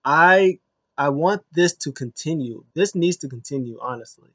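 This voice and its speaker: A man giving a casual spoken review of a show, retelling it in an animated way, with frequent restarts and lively acted quotes. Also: a little high, moderate pace, no room sound.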